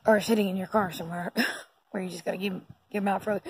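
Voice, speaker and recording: A woman's voice: medium pitch, moderate pace, pauses often, a little hiss or hum, poor audio. A woman talking casually to her phone at night, rambling and giggling with lots of fillers. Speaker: vlogger. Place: indoors at night.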